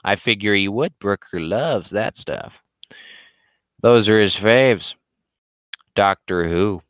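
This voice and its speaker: Sarcastic man with a scratchy throat, hosting a livestream; low, smooth voice, rambling and swearing. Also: slow pace, fairly bright tone, no room sound. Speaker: cartoonist hosting a weekly live show. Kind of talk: casual livestream commentary.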